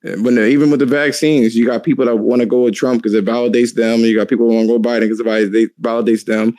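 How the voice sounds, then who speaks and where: A man co-hosting a podcast, chatting casually with profane, animated storytelling and frequent laughter. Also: medium pitch, quick pace, no room sound. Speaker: podcast co-host. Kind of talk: casual chat.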